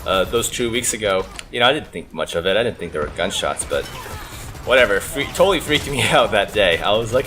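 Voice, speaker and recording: Low-voiced gamer guy rambling through a story, lots of "like" and "uh", soft music behind. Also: fairly quick. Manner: chatty and animated, leaning on "like" and "uh". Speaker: gaming channel host. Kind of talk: casual storytelling over gameplay. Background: faint background music.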